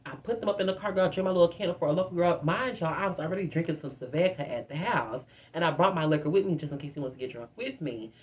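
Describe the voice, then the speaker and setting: A young woman in her twenties tells a story in a lively, gossipy storytime style, talking straight to her viewers. Her voice sits a little low. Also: fast, few pauses. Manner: chatty and animated, constantly addresses the viewer as "girl". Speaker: vlogger. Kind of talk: casual storytime.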